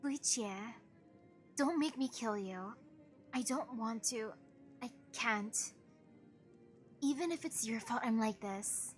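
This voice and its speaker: A vengeful young woman villain speaks low and hushed, her resentment coming through in slow, broken phrases, as a woman streamer voices her. Her voice sits a little high for a woman. Faint music plays behind her. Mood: bitter.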